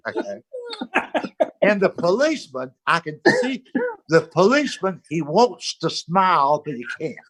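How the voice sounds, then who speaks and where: An older man telling a casual anecdote on a video call, animated and acting out the voices of the people in it. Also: sits high, a little slow. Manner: animated storytelling, acts out voices. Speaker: comedy panel guest.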